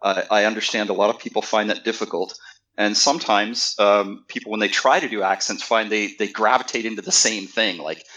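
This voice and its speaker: A man's voice: on the low side, fairly even intonation, brisk, sharp tone, poor audio. A man in a casual panel discussion, giving thoughtful advice on running tabletop game characters.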